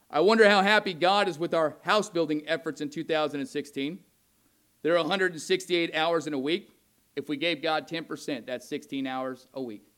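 A male pastor preaching a sermon, asking the congregation questions and reading scripture aloud, growing heated and loud at its peaks. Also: fairly high pitch. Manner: grows loud and heated when voicing God's anger.

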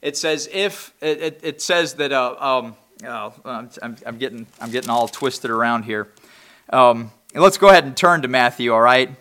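A man's voice: medium pitch, normal speed, sharp tone. A middle-aged man preaching a Bible-study sermon in a folksy, conversational way, often checking in with "all right?" and building to emphatic preaching.

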